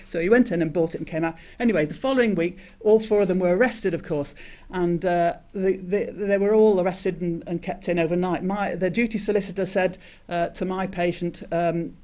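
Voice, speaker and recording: An older man, a retired doctor, giving a conference talk and telling a story, halting with many restarts and fillers. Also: high-pitched, a little mellow. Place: conference hall.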